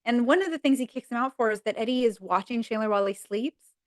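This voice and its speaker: A woman guest chats on a podcast and retells sitcom scenes with lively storytelling, slipping into the characters' lines as she goes. Her voice sits a little high for a woman. The sound is dry and close, with no room echo. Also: fast talker. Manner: animated storyteller who acts out characters' lines. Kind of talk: casual chat, retelling sitcom episodes.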